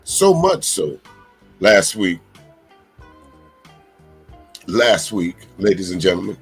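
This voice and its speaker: A man's voice: low-pitched, slow, husky, faint music behind, low-quality recording. A man hosting a live political commentary stream, talking emphatically and bluntly to his viewers. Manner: animated, emphatic, profane, talks straight to viewers. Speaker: commentary channel host.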